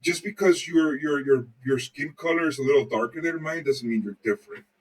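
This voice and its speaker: A man's voice: fairly high pitch, brisk, distant mic, rough recording. A man co-hosting a podcast, chatting casually and telling loose, profane stories full of swearing. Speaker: podcast co-host. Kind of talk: casual chat, rambling storytelling.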